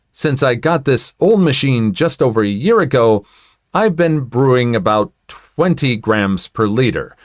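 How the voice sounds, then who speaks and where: A man's voice: medium pitch, no room sound, clean studio sound. A man reading online stories aloud and adding his own asides, telling them expressively. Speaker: story narrator.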